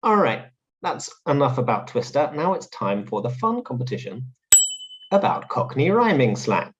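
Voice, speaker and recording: A man hosts a lesson, explaining words clearly and cheerfully. His voice rises and falls in a very lively way. The recording sounds a little dull and lo-fi. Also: mid-range voice, normal speed. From London. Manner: clear, explanatory, upbeat teaching tone. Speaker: English teacher host. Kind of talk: English vocabulary lesson.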